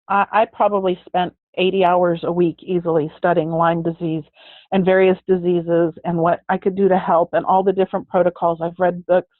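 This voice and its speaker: A woman's voice: lowish voice, no room sound. A middle-aged woman giving a heartfelt personal testimony in an earnest way, often restarting her sentences. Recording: tinny phone-like sound, dry.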